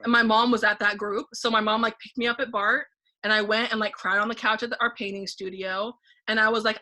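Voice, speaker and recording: A woman guest on a relaxed conversational podcast, with a bright, forceful voice pitched a little high. She tells her story with lively energy, replays her inner thoughts aloud and leans often on "like". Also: brisk. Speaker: podcast guest, painting facilitator.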